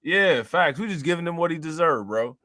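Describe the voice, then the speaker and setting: A man's voice: fairly high pitch, expressive, a little fast, bright, forceful tone, no room sound. Aave guy reacting to clips, laughing all the time, dry close mic. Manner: laughs a lot, slangy. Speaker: co-host. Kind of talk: casual reaction commentary.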